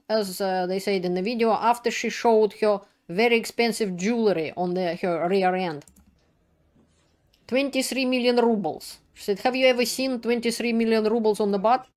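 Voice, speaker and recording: A woman's voice: mid-range voice, darkish tone. A woman giving an indignant, emphatic video commentary in non-native English with broken grammar. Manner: indignant, emphatic, plain-spoken. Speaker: political commentator.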